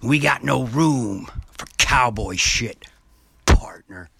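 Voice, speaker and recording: A man voicing a menacing male wrestling villain in a gravelly, taunting promo. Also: mid-range voice, slow, a bit bright, no echo, exaggerated voice. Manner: growling wrestling promo, drops to a whisper.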